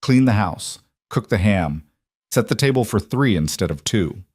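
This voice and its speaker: A man narrating an emotional story in a calm, measured, scripted reading. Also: fairly low pitch, slightly rough, no echo, studio quality.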